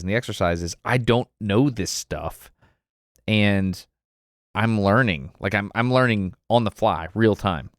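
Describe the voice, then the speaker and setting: A man's voice: on the low side, measured pace, no room sound, studio quality. A man with an Alabama accent, a podcast guest in casual conversation, candid and self-deprecating, laughing often.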